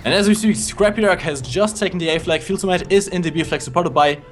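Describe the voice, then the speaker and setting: A man's voice: high-pitched, quick pace, faint music behind. A man co-commentating a live tank game stream, breaking down tactics with cheeky humor. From Germany. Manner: analytical, cheeky, laughs often. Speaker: esports co-commentator.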